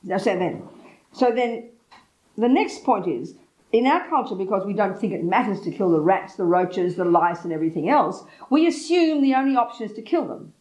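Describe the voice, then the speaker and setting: An older woman from England with an English accent, a Buddhist teacher telling a story bluntly and lively, pausing for an interpreter. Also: mid-range voice, rough recording.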